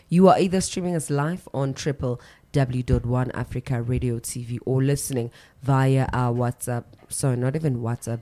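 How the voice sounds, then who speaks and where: Woman radio host, very low voice, chatty morning-show delivery with self-corrections. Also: warm tone. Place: radio studio.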